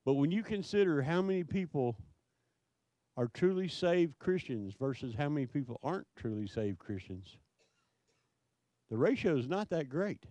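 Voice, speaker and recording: Man preaching a slow, searching sermon. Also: fairly high pitch, expressive, warm tone, dry recording. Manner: asks rhetorical questions, slow emphatic preaching. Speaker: pastor.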